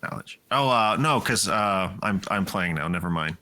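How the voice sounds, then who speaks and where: Male player with a very deep voice who halts and hedges, faint background noise. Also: animated, pushed and bright. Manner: hesitant, halting, many uh's. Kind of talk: casual tabletop game play.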